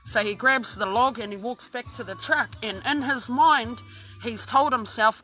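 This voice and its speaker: A woman's voice: a little high, a little slow, pushed and bright, faint music behind. Swearing Australian woman telling a story. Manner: heavy swearing, rambling with many restarts. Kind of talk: casual true-crime storytelling.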